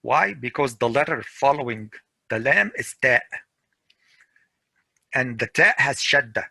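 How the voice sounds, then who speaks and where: Man, teacher, slow drilling delivery, gravelly voice, dry close sound. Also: medium pitch, animated, bright, forceful tone, dry recording, rough recording. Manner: slow, repeats words for pronunciation drills. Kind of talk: classroom grammar lesson.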